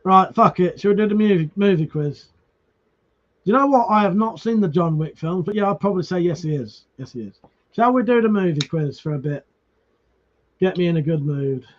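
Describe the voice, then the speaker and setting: A brisk, expressive man with a high voice reads comments on his live stream and greets viewers by name. He's casual, swears freely and often restarts words. The stream audio is dull and lo-fi.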